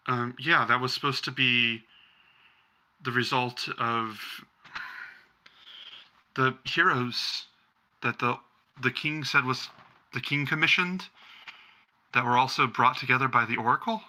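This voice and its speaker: A man's voice: medium pitch, sharp tone, low-quality recording. A man voicing a hesitant, nervous father who stumbles through his words in a tabletop game. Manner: halting, full of ums.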